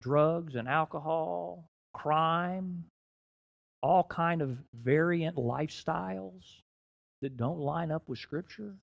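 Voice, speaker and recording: Preaching man, loud and soft swings. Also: fairly high pitch, vocal fry, muffled recording. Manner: preaching with swings in loudness, slowing to stress key phrases. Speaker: guest preacher. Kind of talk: sermon. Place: church.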